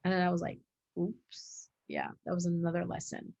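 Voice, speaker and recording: A woman's voice: fairly low pitch, big pitch swings, fast, gravelly, darkish tone, highs cut off. A woman hosting an interview, telling her own story in a loose, rambling way with lots of fillers and acted-out quotes. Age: adult with a young daughter. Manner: rambling, heavy use of "like" and "um"; acts out quoted dialogue. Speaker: host sharing her own experience.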